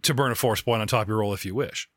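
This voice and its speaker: A man's voice: on the low side, very fast, fairly bright tone, dry recording, clean studio sound. A man hosting a podcast as game master, describing scenes in a chatty, rambling way. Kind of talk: running a tabletop game.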